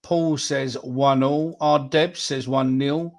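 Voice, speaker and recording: Man, forties, gravelly, podcast host, casual chat, swears freely. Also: medium pitch, steady tone, takes it slowly. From England. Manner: chatty, swears casually, reads out viewer predictions.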